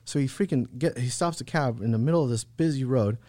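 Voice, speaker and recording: A man's voice: mid-range voice, quick pace, warm tone, no room sound. A man in his thirties telling a personal story as a podcast guest, casual and slangy, full of "bro" and "like". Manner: laid-back slangy talk, many "bro" and "like".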